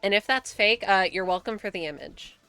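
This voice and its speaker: A woman's voice: mid-range voice, brisk, pushed and bright, clear, resonant tone, faint music behind. A young American woman streaming a game, chatting casually with frequent swearing and laughter. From United States. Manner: chatty, swears often, laughs between remarks. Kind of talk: casual gaming commentary.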